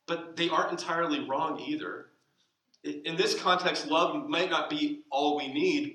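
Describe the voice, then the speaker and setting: Male pastor, sermon, bright voice, slow emphatic phrasing, roomy church, distant mic. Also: a little high. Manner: slow deliberate emphasis, dropping to soft asides. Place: church sanctuary.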